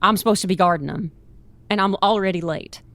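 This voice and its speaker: A woman's voice: mid-range voice, brisk, a bit bright, no echo. A woman, playing a tabletop game in a chatty, laughing, playfully bluffing way. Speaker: player.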